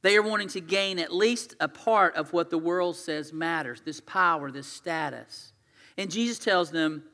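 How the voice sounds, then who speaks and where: Male pastor, slightly high and bright, chatty storytelling sermon that swings loud to quiet; long hall echo. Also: measured pace.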